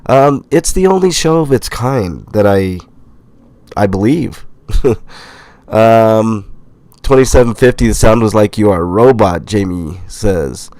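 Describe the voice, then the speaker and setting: A middle-aged man with a stuffy, nasal voice from a cold, casually reading viewer comments aloud as a livestream host, relaxed and rambling. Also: lowish voice, measured pace, no echo. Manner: relaxed, rambling, with fillers and laughs. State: sick, congested nasal voice.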